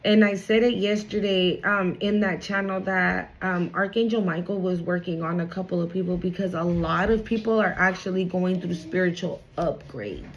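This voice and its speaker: A woman's voice: mid-range voice, muffled recording, slight background noise. A woman giving a casual spiritual card reading to her viewers, chatty and blunt, swearing freely and reassuring them.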